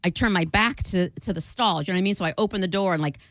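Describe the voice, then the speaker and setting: A woman co-hosting a radio show, telling a story in casual banter and acting out quotes with big jumps in pitch. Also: racing, dry recording. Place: radio studio. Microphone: studio microphone.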